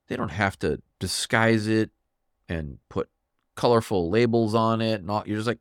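A man hosting a solo podcast, ranting in a fired-up, emphatic way and swinging his pitch for effect. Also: normal speed, smooth, no echo, clean studio sound. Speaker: podcast host.

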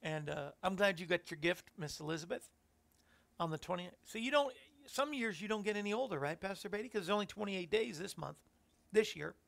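Male Christian radio host, rough gravelly voice, loose musing scripture commentary. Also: high voice, lively intonation, fairly quick, fairly bright tone. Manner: reflective, rambling preaching with fillers.

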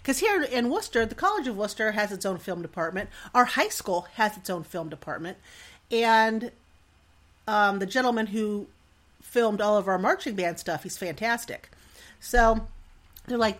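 A middle-aged woman talks through a personal story for her podcast. Her pitch swings widely as she acts out her own worries, and she laughs at herself often. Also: normal speed. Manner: animated, self-deprecating, laughs often. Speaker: podcast host.

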